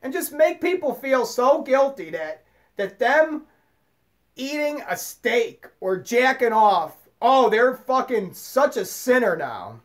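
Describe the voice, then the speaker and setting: A man's voice: extremely high pitch, very animated, slow. A man in an angry unscripted monologue, swearing constantly and stumbling over repeated words as he rants. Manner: profane, stammering ranting. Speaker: vlogger.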